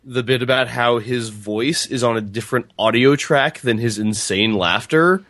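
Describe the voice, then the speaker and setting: A man's voice: medium pitch, moderate pace, fairly bright tone. A man co-hosting a casual podcast chat about a book, loose and profane, laughing often. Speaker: podcast co-host.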